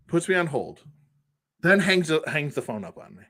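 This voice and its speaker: A man's voice: on the high side, sing-song, normal speed, bright, forceful tone. Exasperated man ranting about a phone call. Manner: exasperated, retells phone calls in acted quotes. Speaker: collector show host. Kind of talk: casual storytelling rant.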